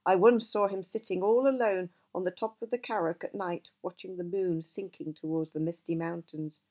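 A woman voicing an old male wizard who is gruff and easily cross, talking emphatically in a storybook reading. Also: fairly low pitch, steady tone, moderate pace, darkish tone, close to an everyday voice. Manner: emphatic, exasperated outbursts.

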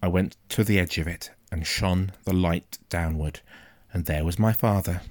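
A man narrating a first-person story in a quiet, measured, suspenseful way. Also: low-pitched, dry recording, clean studio sound. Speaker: audiobook narrator.

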